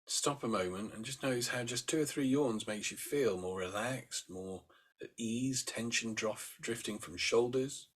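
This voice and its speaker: A soft-spoken man leading a relaxation class at an easy, unhurried pace. His voice sits in an ordinary middle pitch as he gently coaches breathing, stopping now and then to yawn or sigh as a demonstration. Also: breathy edge. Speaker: meditation teacher. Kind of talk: guided breathing instruction.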